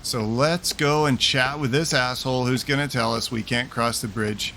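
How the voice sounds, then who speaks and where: A man's voice: mid-range voice, steady tone, moderate pace, vocal fry, sharp tone. A man hosting a let's play, giving casual, rambling commentary full of sarcasm and swearing. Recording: commentary with background game noise.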